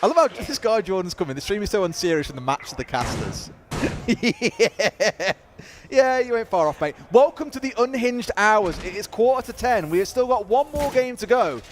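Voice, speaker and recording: A man's voice: high-pitched, expressive, normal speed, a little hiss or hum. A British man casting a live esports broadcast, telling jokey stories in casual banter. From United Kingdom. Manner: chatty, jokey, storytelling banter. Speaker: esports caster.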